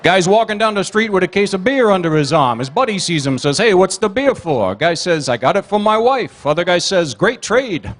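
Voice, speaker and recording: Man, stand-up comic, high voice, rapid-fire one-liners, teases the crowd, banquet hall emcee. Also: animated, a little hiss or hum. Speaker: comedian and emcee at a gala dinner. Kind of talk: stand-up joke routine.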